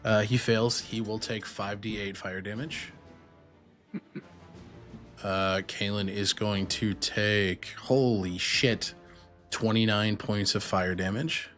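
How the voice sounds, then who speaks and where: Slow, easygoing game master, man. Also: fairly low pitch, steady tone, a bit bright, soft background music. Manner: unhurried, casual rules narration. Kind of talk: running a tabletop game session.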